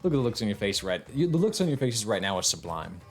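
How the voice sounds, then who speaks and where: Sneering robot bear headmaster from a video game read by a streamer, lively pitch, faint music under. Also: male voice, fast talker. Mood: mocking. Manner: sneering, theatrical taunting. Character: gloating mocking robot bear headmaster, male. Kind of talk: reading game dialogue aloud on stream.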